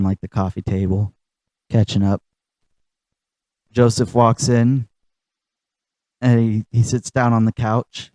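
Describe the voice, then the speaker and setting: A man co-hosting a casual comedy podcast, rambling through his pitch and laughing at his own jokes. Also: mellow, no room sound, rough recording. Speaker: podcast co-host.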